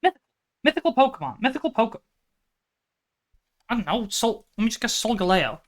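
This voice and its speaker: A woman's voice: a little high, very animated, normal speed. A woman streaming live, thinking aloud through a guessing game and breaking into exasperated outbursts. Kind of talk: live stream chat while gaming.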